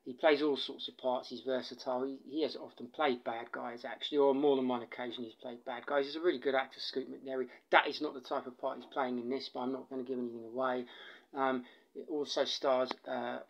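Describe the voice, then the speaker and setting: A man's voice: mid-range voice, level tone, brisk, dull audio. An Englishman with an English accent giving a casual spoken film review, rambling and digressive, with many fillers and restarts. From England.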